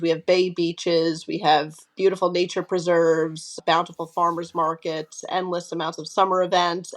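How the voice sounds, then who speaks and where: Chatty Long Island woman, lowish voice. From Long Island, New York. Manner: enthusiastic, chatty, uses "if you will" and "like". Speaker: guest, magazine writer. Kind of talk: interview.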